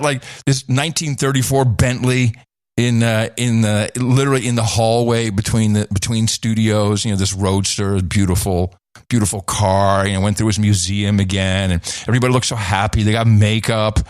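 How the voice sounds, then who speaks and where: A middle-aged man co-hosting a podcast, telling stories in lively casual chat with many restarts. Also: on the low side, moderate pace, clean tone, no room sound, clean studio sound. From Netherlands. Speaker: podcast co-host.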